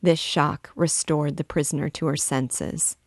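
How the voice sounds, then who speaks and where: A woman reads a classic novel aloud in a low, gravelly voice. She takes it slowly and deliberately, with the dry closeness of a mic set up near her. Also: steady tone, no echo. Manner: measured, deliberate reading. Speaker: book reader and guide. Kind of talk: literary read-aloud narration.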